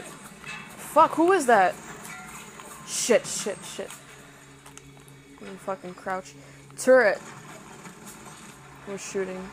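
A young woman playing a video game and commenting as she goes, cursing and reacting loudly to scares, then muttering to herself. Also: medium pitch, animated, drawn-out words, pauses often, soft background music. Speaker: gameplay streamer. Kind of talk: casual let's-play commentary.

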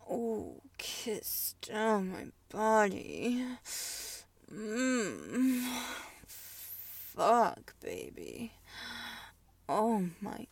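Breathy woman doing a whispered role-play, really slow and hushed, a bit of fry, dry room. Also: medium pitch, huge pitch swings, no echo, recorded from a distance. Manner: intimate, slow, drifting between whispers and breathy moans. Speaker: audio role-play performer.

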